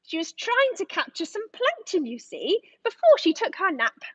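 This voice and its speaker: A woman educator reading a rhyming story aloud to children, in an expressive sing-song manner. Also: extremely high pitch, normal speed, no echo.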